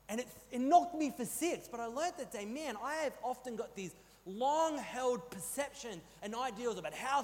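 A man in his thirties with an Australian accent, preaching a sermon as a pastor, telling stories with animated, rising emphasis. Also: sits high. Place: church hall. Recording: long hall reverb.

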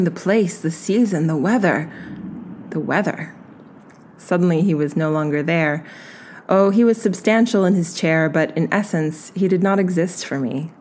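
A woman reading a literary essay aloud in a slow, measured and reflective way. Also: low-pitched, slight background noise. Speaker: reader.

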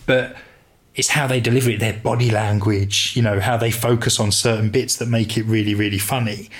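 A man's voice: on the low side, brisk. A man co-hosting a podcast in casual, rambling chat. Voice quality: relaxed, rambling, many fillers. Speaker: podcast co-host.

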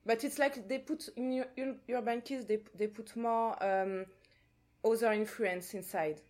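A woman from Martinique, a guest on a casual podcast, speaking in halting English and searching for words. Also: a little high, fairly even intonation, a little mellow. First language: French. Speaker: guest, dancer.

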